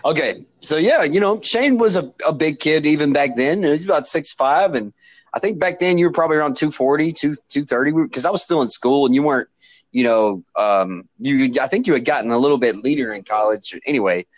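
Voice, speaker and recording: A man's voice: a little high, fairly quick, no echo. A man chatting casually on a podcast, telling a family story. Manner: lively, chuckling storyteller.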